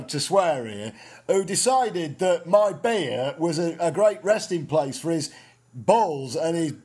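A man's voice: high-pitched, a little mellow. A man with a northern English accent co-hosting a casual comedy chat, rambling and swearing with jokey asides. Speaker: podcast co-host.

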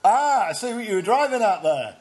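A man riffing through casual comedy banter. His voice sits notably high for a man, and he jumps excitably from one joke to the next. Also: brisk. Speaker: co-host.

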